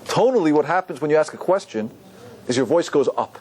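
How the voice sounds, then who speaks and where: A rabbi giving a lively Torah class to an audience, often asking them questions. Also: male voice, on the high side, a little fast, slight background noise. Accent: Ashkenazi Hebrew pronunciation.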